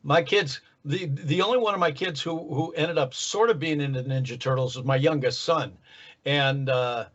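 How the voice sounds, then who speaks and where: An older man, a voice actor, chatting in an easygoing, relaxed way in an interview. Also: a little high, moderate pace. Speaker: guest voice actor. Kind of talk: casual interview chat. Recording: dull lo-fi sound.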